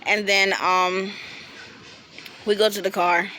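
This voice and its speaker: A young woman, casually telling a storytime with animated quotes and bursts of laughter. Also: mid-range voice, a little hiss or hum. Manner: animated, laughing, quoting friends in quick bursts. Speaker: vlogger.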